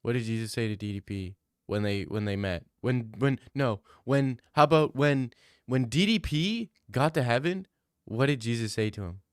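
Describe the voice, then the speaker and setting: A man's voice: mid-range voice, lively intonation, moderate pace, hardly any pauses, clear, resonant tone, dry recording, clean studio sound. A young man streaming, chatting casually and joking about fights while thanking donors. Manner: rambling, joking, many restarts. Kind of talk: casual stream chat reading donations.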